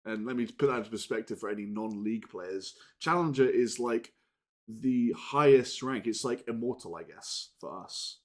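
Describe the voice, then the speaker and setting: A man hosting a gaming channel, chatting casually and unscripted to his viewers, rambling with frequent restarts and casual swearing, swinging between loud and muttered. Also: medium pitch, moderate pace. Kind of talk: casual unscripted chat to camera.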